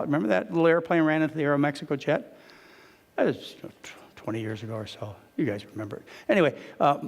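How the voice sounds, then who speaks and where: A man lectures an audience as a doctor, his slightly high voice rising sharply as he acts out conversations. The sound rings out with the long reverb of a lecture hall. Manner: animated storytelling, quotes others with raised voice. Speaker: physician lecturer.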